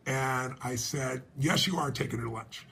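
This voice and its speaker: A man's voice: mid-range voice, normal speed, gravelly, slight background noise. A man telling a personal story and appealing for donations, acting out the dialogue as he goes. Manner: animated storytelling, acts out dialogue.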